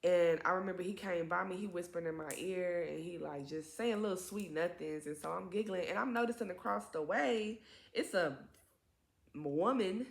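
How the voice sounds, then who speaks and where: A young woman telling a personal story in casual chat, animated and profane, jumping into higher voices to act out what others said. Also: moderate pace, gravelly, reverberant. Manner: animated, profane, acts out quotes in raised voices. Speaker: vlogger.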